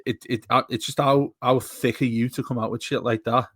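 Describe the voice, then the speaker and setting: A man's voice: medium pitch, fairly even intonation, fairly quick, a bit bright, breathy edge, dry recording. Male podcast co-host, rambling and chatty, dry close sound. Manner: rambling, restarts often, laughs while talking. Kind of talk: casual chat.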